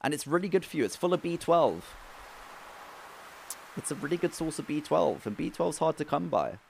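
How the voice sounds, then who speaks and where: A young man streaming a farming game, who swings from loud outbursts to low muttering. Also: lively intonation, normal speed, vocal fry, slight background noise. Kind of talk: live gameplay commentary.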